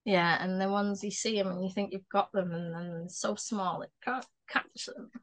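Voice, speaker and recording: A woman's voice: mid-range voice, steady tone, normal speed. A woman co-hosting a podcast in casual chat, jokey and laughing often. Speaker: podcast co-host.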